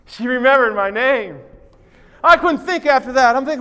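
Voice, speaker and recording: A man in his sixties telling a story as a motivational speaker, animated and repetitive, with bursts of shouting. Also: very high voice, normal speed, smooth. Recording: long hall reverb.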